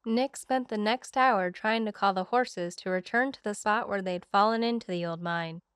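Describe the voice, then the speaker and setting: A woman narrates a romance audiobook with a smooth, clear, resonant voice. Her pitch sits in the middle range, and the sound is close and dry. She slows her pace for the tender moments. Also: a bit bright, no echo.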